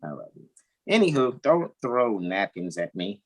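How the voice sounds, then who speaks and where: A man hosts a casual group chat over a video call. He rambles and jokes, laughs easily, and his pitch jumps all over the place. His voice has a slight husk to it. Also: very animated, moderate pace. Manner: loose, joking, laughs often, rambling asides. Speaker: host.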